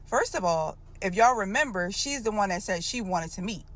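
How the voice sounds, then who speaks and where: A woman casually telling a personal story to her viewers, animated and colloquial, acting out the dialogue. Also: medium pitch, fairly quick. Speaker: storytime creator.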